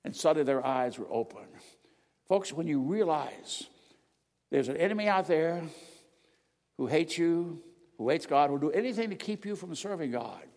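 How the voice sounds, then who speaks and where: An older man preaching a sermon with slides, emphatic and swinging between loud declarations and quiet asides. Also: a little high, vocal fry. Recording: long reverb of a large hall.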